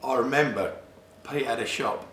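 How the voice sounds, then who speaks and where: A man's voice: medium pitch, moderate pace, a bit bright, roomy sound, a little hiss or hum. Chummy man prodding for stories. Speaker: interviewer. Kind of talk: casual interview chat.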